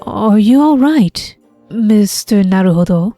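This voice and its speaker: A woman reading as a composed young female assistant, gentle and polite. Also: mid-range voice, lively intonation, takes it slowly, faint music behind.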